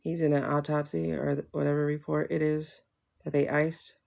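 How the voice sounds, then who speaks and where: A woman hosts a casual tarot livestream, asking herself questions aloud and answering them in a slangy, familiar way while calling viewers child, girl, and boo. Her voice is low, gravelly, and a little mellow, with little pitch movement at a normal speed.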